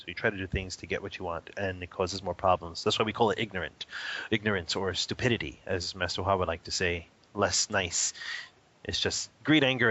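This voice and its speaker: A man with a lowish, bright, forceful voice answers interview questions. He talks in an animated way and laughs often. The audio is a little dull and lo-fi. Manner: animated, laughs often, acts out a toddler's cries. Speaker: interview guest, spiritual teacher. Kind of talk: casual interview.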